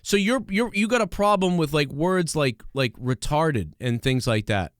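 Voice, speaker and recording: Smooth-voiced man ranting on a podcast. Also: fairly high pitch, expressive, normal speed, no room sound, clean studio sound. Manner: rambling, profane, lots of fillers and restarts. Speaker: podcast host. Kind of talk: casual comedic rant.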